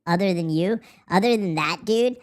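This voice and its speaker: With a smooth, high-pitched voice at a moderate pace, a man rambles and rants through a voice changer. He's a married adult hosting a casual livestream, sarcastic and profane throughout.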